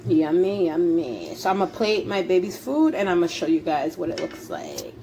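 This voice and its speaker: A woman's voice: on the low side, huge pitch swings, fairly quick, gravelly, dark tone, a little hiss or hum. A young woman vlogging at home while cooking, chatty and laughing, swearing casually. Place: home kitchen.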